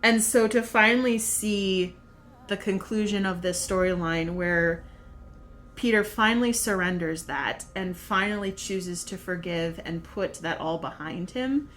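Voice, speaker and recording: A young woman vlogging about her favorite scenes, gushing and telling stories with excitement, with faint music behind her. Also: mid-range voice, measured pace, slight background noise. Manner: gushing, excitable, animated storytelling. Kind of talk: casual fan commentary.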